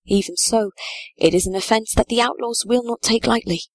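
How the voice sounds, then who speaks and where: A woman reading the part of a tired, heavy-hearted medieval sheriff, speaking quietly and gravely. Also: on the high side, normal speed, no room sound, voice pushed up. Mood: grim. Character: weary grim medieval sheriff, man, middle-aged.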